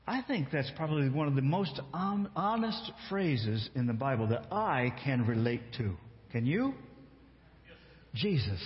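Slow, animated preacher in an echoey hall. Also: male voice, mid-range voice. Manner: slow, emphatic storytelling with acted-out quotes. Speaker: pastor. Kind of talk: sermon. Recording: echoey hall, dull lo-fi sound.

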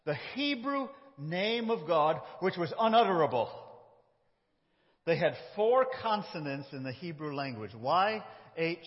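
A man preaching a conversational sermon, moving between loud and quiet phrases. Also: on the high side, big pitch swings, unhurried. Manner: conversational, with shifts between loud and soft delivery. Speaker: pastor. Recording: dull sound with long hall reverb.

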